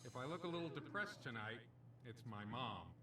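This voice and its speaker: A man's voice: medium pitch, sing-song, moderate pace, roomy sound, distant mic, music in the background, close to an everyday voice. An actor playing a cheesy male casino stand-up comedian, delivering punchy jokes and doing comic voices. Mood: brash.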